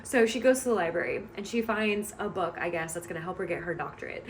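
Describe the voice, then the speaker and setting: A woman's voice: lowish voice, quick pace, slight background noise. A woman book vlogger retelling a story she is reading, in a chatty, amused way with many hedging asides.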